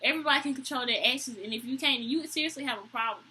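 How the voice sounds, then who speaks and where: A young woman, telling a story to camera in an animated, exasperated way. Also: racing, slightly rough, poor audio. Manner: animated, exasperated, quotes people with high voices. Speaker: vlogger. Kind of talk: storytime vlog, casual chat to camera.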